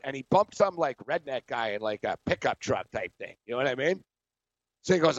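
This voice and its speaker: A man hosting sports radio, telling stories in a casual, animated way with quick asides. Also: mid-range voice, dry recording. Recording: dry, dull lo-fi studio audio.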